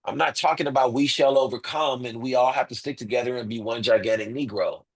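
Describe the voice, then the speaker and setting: A man's voice: mid-range voice, fairly even intonation, fast, breathy edge, low-quality recording. A man as an interview guest, making his case emphatically with rhetorical questions and repeated points. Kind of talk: impassioned interview talk.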